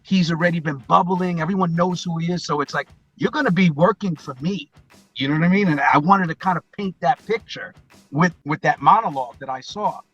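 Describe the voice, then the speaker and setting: Husky animated male storyteller. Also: a little high, a little fast, dull audio, faint music behind. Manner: animated storyteller, acts out quotes. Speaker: guest, hip-hop intro performer. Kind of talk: casual storytelling interview.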